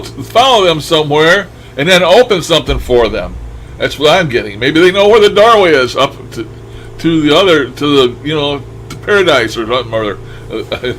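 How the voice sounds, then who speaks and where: A man's voice: fairly high pitch, fairly bright tone, a little hiss or hum, rough recording. An older man talking casually over recordings he plays back, musing aloud and chuckling as he trails off. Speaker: paranormal radio session host. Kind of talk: casual commentary over playback.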